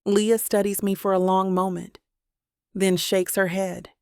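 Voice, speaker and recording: A woman narrates a first-person romance audiobook in an intimate, reflective tone. Her voice has a gravelly fry, and the recording is dry and close with no room sound. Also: mid-range voice, flat delivery, unhurried, dark tone, no echo.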